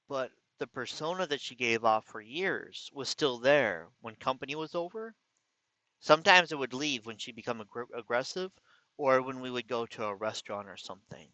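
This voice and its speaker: Мужчина искренне и с недоверием рассказывает личную историю, часто запинаясь и начиная фразы заново. Голос яркий и напряжённый, звук сухой, без эха, слегка глуховатый, как на простой записи. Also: male voice, mid-range voice, animated, pushed and bright, no echo. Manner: earnest, incredulous, halting with restarts. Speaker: vlogger. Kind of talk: personal storytelling. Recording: slightly dull lo-fi recording.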